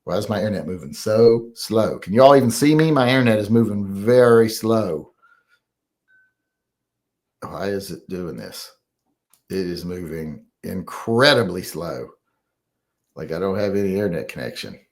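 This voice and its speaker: A man's voice: deep voice, animated, moderate pace, long pauses. A man hosting a casual livestream, rambling and swearing as he chats with viewers over a computer microphone. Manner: rambling, profane, talks to himself and chat. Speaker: livestream host.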